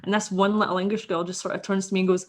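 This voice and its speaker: A woman's voice: mid-range voice, little pitch movement, very fast. A Scottish woman, a podcast guest, telling a story casually and animatedly, swearing freely and acting out the people she quotes.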